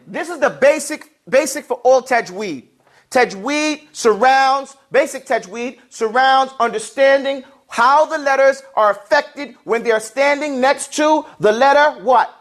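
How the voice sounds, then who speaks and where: Here a classroom teacher of Arabic and recitation talks at a measured pace with hardly any pauses, his voice very high-pitched and a little bright. Patiently explaining, he leads call-and-response drills where the class repeats each word after him.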